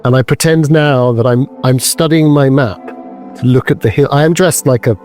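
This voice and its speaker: A man playing a tabletop game, talking in a rambling, halting, self-deprecating way. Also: mid-range voice, darkish tone, soft background music. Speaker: player. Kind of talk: casual tabletop role-play.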